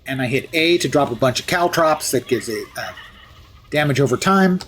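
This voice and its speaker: Brief: male streamer, mid-pitched, talking casually over a game at his desk, faint noise behind. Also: animated, normal speed, fairly bright tone. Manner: chatty, wry asides and jokes. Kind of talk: live gameplay commentary.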